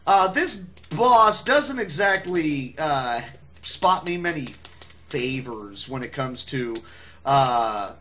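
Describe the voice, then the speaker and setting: A man's voice: on the high side, sing-song, slow, fairly bright tone, a little hiss or hum. A man speedrunning a game live, rambling through his commentary with self-mocking jokes.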